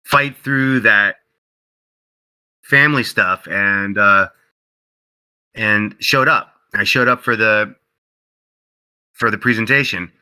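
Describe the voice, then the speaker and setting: Man, interview guest, very bright forceful voice, animated storytelling, lots of fillers. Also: lowish voice, takes it slowly, pauses often, clear, resonant tone, low-quality recording. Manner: animated, acts out quoted dialogue, many fillers and restarts. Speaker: interview guest, game company co-founder. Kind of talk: casual anecdotal storytelling.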